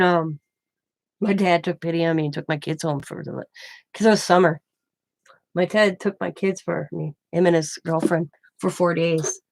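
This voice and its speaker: A woman's voice: on the low side, vocal fry, darkish tone, dry recording. An older woman hosting a craft channel, telling rambling personal anecdotes in casual chat and laughing often.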